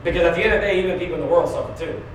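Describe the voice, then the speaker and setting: A man preaching a conversational sermon, going from quiet to loud, asking the congregation questions and laughing often. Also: high-pitched, fairly even intonation, very fast, slight background noise. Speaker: pastor. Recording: very echoey room, mic at a distance.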